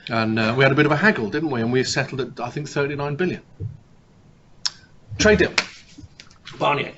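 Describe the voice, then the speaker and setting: A man's voice: mid-range voice, expressive, fast talker, a bit bright, muffled recording, slight background noise. Man giving a chatty seminar talk. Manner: conversational, asks rhetorical tag questions. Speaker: negotiation speaker. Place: meeting room with an audience.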